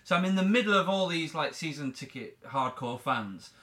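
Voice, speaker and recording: A man's voice: on the high side, animated, moderate pace, a bit bright. A young man co-hosting a casual football podcast, telling a story with swearing and laughter. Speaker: podcast co-host. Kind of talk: casual chat.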